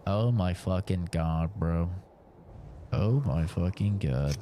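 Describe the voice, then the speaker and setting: A deep-voiced young man speaks slowly with a little hiss or hum behind him while streaming a game. He is tired from a long session and narrates his play live, muttering to himself, cursing and bursting out excitedly.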